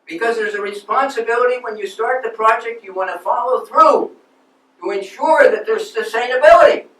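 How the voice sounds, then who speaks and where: A man's voice: very high-pitched, fairly quick, fairly bright tone. A man in a first-person living-history monologue, playing an aging nineteenth-century landscape architect who tells his story with earnest emotion. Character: aging 19th-century male landscape architect, passionate and restless. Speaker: historical reenactor. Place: lecture hall. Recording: echoey hall, distant mic.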